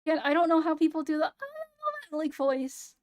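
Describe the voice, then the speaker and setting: Hoarse young woman streaming, kinda high voice but super flat and monotone, low energy. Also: fairly quick. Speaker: VTuber streamer. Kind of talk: casual late-night stream chat.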